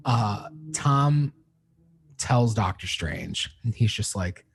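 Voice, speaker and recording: A young man rambles through a spoiler review on his podcast, swearing freely and letting his feelings spill over. His voice is husky and slightly breathy. His pitch swoops up and down animatedly as he talks. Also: lively intonation, slow. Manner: emotional, heavy swearing, rambling retelling. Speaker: podcast host reviewing a film. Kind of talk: casual spoiler review monologue.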